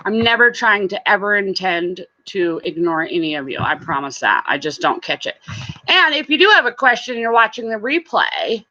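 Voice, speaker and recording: Gal chatting on her livestream, bright voice, kinda muffled sound, laughs a lot. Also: mid-range voice, big pitch swings, moderate pace. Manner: chatty, greets viewers, laughs often. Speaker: vlogger hosting a livestream. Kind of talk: casual livestream chat.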